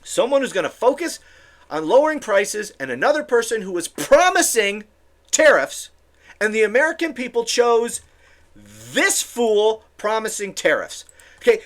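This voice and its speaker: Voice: medium pitch, fairly bright tone. A political commentary host ranting alone on camera, sarcastic and exasperated, often stumbling into restarts and repeated words.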